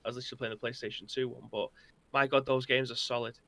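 A man's voice: medium pitch, flat delivery, fast, a bit bright, dry recording. A man co-hosting a gaming news show, chatting casually and giving the show's sign-off.

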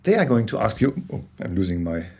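A man's voice: fairly low pitch, very animated, quick pace, a little mellow, slightly rough. A man being interviewed as a guest, explaining his ideas with frequent restarts and tag questions like "yeah?". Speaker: guest storyteller. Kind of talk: interview conversation.

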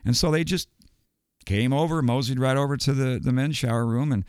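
A man's voice: medium pitch, a little fast, a little mellow, smooth, no room sound, clean studio sound. An older man, a guest and retired educator, telling a story casually with many ums and restarts. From United States.

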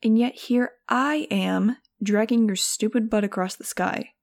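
A woman puts on a sarcastic teenage girl for an audiobook. She mocks and wisecracks, her voice lifted a little higher and pushed louder than the narration around her. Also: a little slow, gravelly. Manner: mocking, wisecracking. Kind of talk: audiobook reading.

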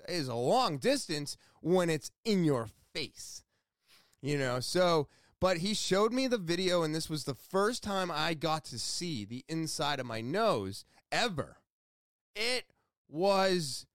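Talkative man, high voice, dry close sound, rambling excitable vlog storytelling, swears a bit. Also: no echo. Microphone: headphones with mic.

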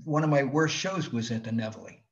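A man's voice: mid-range voice, a little fast, creaky. Comic guy from jersey telling gig stories, acts out the scenes, kinda muffled audio. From New Jersey. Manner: animated storyteller, acts out scenes with laughs. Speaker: stand-up comedian guest. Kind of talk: casual podcast storytelling. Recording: slightly dull lo-fi sound.

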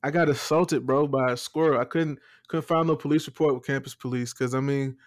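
A young man, telling jokey stories in a relaxed casual chat. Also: mid-range voice, brisk. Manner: relaxed, joking storyteller.

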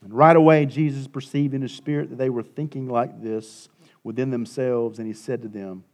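A middle-aged male pastor preaching a sermon, swinging between hushed and loud and repeating his points for emphasis. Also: medium pitch, fairly even intonation, normal speed.

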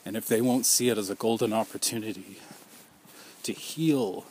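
A man's voice: on the low side, moderate pace, a little mellow, a little hiss or hum. A man speaking out as a survivor in an impassioned personal monologue, earnest and accusing, piling up repeated rhetorical questions.

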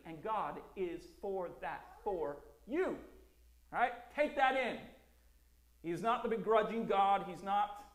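Slow, earnest male preacher in an echoey room. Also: high-pitched. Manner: earnest, emphatic repetition, slow deliberate phrasing. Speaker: pastor. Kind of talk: sermon. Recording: roomy echo.

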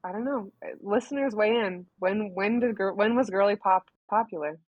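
A playful young woman co-hosting a podcast in loose, chatty talk. Her voice is a little husky, and the recording is dry, with no room sound. The sound is also somewhat dull and muffled. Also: mid-range voice, moderate pace, no echo. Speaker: podcast co-host. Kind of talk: casual chat.

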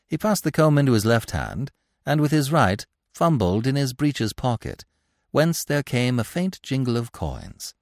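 A man narrating a classic novel in a measured, expressive reading. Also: medium pitch, dry recording, clean studio sound. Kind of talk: scripted audiobook narration.

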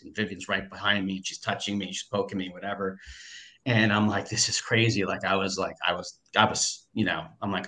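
Bright-voiced man telling a story. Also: lowish voice, brisk. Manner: animated, repeats himself, many fillers and restarts. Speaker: guest telling a personal story. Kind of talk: casual storytelling.

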